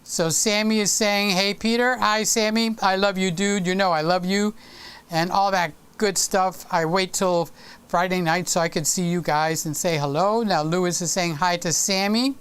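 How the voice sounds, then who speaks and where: Chatty male host with a smooth voice. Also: high-pitched, steady tone, moderate pace, a bit bright. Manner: chatty, teasing and affectionate with viewers. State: sore throat. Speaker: live-stream host. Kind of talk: casual live-stream chat. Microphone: desk microphone.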